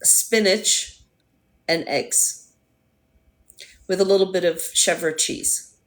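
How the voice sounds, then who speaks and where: A woman hosting a livestream, chatting casually with viewers in a rambling way, her voice hoarse and going. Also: lowish voice, takes it slowly. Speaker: livestream host. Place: at home.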